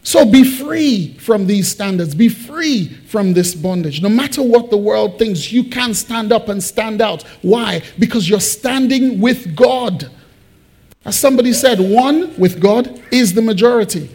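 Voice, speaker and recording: High-voiced man preaching a sermon. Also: animated, unhurried. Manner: preaching with call-and-response questions to the congregation; shifts from loud emphasis to quiet personal confiding. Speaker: pastor.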